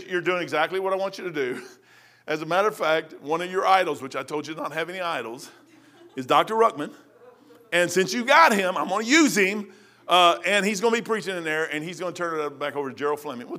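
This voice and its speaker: High bright-voiced preacher man. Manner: animated storytelling with sudden loud outbursts. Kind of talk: testimony sermon.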